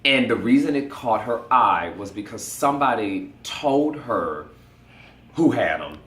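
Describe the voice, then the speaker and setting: A man telling a funny story casually, animated and laughing often, acting out the voices of the people in it. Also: medium pitch, unhurried. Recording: roomy echo.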